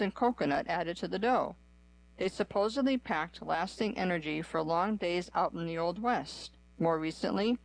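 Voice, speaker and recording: Steady, measured radio reader; reads articles with short pauses between items. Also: medium pitch, low-quality recording. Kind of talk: scripted reading of articles.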